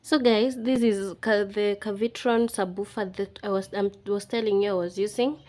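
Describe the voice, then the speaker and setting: A woman's voice: mid-range voice, fairly even intonation, moderate pace, a little mellow. A Kenyan woman in her twenties, chatting casually and emotionally as she unboxes things for a home vlog. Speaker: vlogger. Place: indoors at home.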